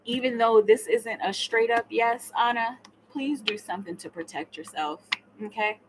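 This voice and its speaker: A woman's voice: on the high side, normal speed, noisy background. A woman giving a live tarot reading, chatting casually and laughing, sometimes murmuring her questions to the cards. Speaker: tarot reader.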